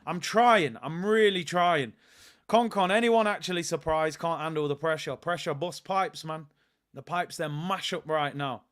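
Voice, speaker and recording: Male watch-along host, high voice, slangy, flips from grumbling to yelling at chances. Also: measured pace. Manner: excitable, erupts into shouts at chances; slangy, chats to stream viewers. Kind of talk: live match reaction commentary.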